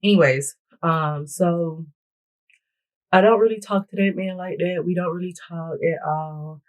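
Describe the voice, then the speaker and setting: A woman's voice: fairly low pitch, steady tone, unhurried, highs cut off. A woman vlogger chatting bluntly and profanely through a storytime while she does her makeup and hair. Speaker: beauty vlogger. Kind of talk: get-ready-with-me storytime chat.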